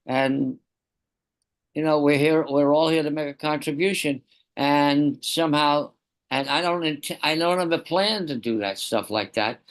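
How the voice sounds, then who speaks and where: A man in a casual group discussion on a video call, speaking in a halting, reflective way with many restarts. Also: a little high. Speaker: participant sharing experience with children.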